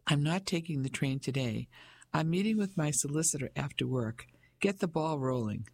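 A man's voice: fairly high pitch, moderate pace, vocal fry. A man voicing a pompous fifty-five-year-old businessman in an audiobook, speaking in a blustering, patronizing way. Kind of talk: audiobook character voice.

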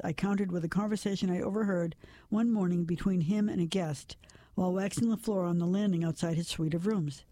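A woman narrating a first-person story, reading it in a measured, steady way. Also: lowish voice, no room sound.

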